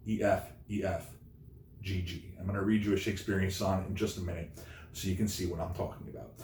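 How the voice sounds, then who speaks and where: A male teacher giving a recorded remote lesson, explaining slowly and repeating the key points. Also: medium pitch. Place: home room, no classroom. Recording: echoey room.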